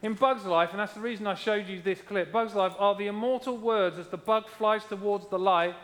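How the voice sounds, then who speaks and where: A man's voice: high-pitched, fairly even intonation, a little fast, fairly bright tone, long reverb tail. A man preaching a sermon as pastor, emphatic, repeating key lines and asking his congregation how they are doing.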